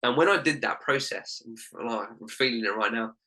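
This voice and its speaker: A man's voice: medium pitch, fairly quick, sharp tone, rough recording. A young man, a life coach and podcast guest, telling a heartfelt personal story in an earnest way, full of "literally" and "like".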